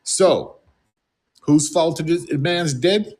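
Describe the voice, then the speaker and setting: A man's voice: a little high, takes it slowly, a little mellow. A man from the United States on an angry, scolding, profane rant.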